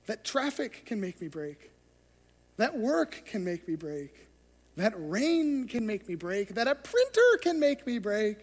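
A man's voice: extremely high pitch, sing-song, a little slow. A man preaching a sermon as pastor, telling stories and acting out the scenes. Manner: storytelling, acts out scenes. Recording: long hall reverb.

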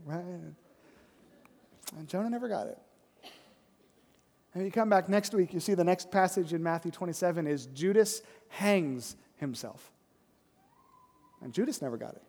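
A man preaching a sermon as pastor, conversational and often asking "right?", dropping to a soft, low voice for emphasis. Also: lively intonation, moderate pace, pauses often, big-room sound.

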